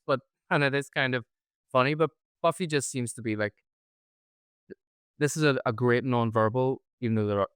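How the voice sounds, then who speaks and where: A man co-hosting a casual podcast, recapping a TV episode with sarcastic jokes. His voice is smooth and clear. The sound is dry and close. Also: medium pitch, fairly bright tone, no echo. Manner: sarcastic, jokey recapping, puts on silly voices. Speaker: podcast co-host. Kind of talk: casual reaction chat. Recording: no studio mic, recorded together in a room.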